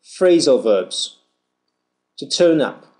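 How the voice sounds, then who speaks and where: Guy reading pronunciation drills, slow and super careful, voice jumps up and down a lot. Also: medium pitch, sing-song, dark tone. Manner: slow, deliberate, over-articulated reading. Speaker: pronunciation teacher.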